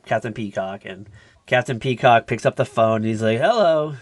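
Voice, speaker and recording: A young man co-hosting a podcast, casually retelling a sitcom episode with lots of fillers and animated asides. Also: lowish voice, normal speed, no room sound. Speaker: podcast co-host. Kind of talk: casual recap chat.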